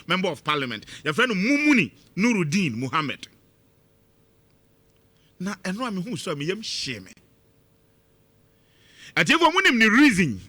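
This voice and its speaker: A Ghanaian man with a Ghanaian accent hosting a radio commentary, talking in an emphatic, lively way. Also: sits high, no echo. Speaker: radio host. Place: radio studio.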